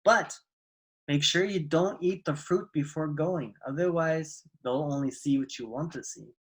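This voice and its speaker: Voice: medium pitch, a little slow, natural voice. A storyteller voicing a strange, grinning old man who talks in an easygoing, knowing way. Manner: chuckling, easygoing, fond.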